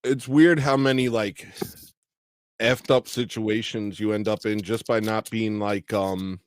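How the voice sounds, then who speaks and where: A man hosting a podcast and chatting casually in an animated, reflective way. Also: on the low side, unhurried, no room sound. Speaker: podcast host. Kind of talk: casual chat.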